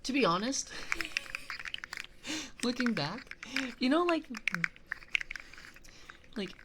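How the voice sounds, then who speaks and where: A streamer chatting casually on a live stream, giggly and full of fillers, reacting to chat messages. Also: female voice, fairly high pitch, sing-song, very slow. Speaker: VTuber streamer. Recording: audible background noise.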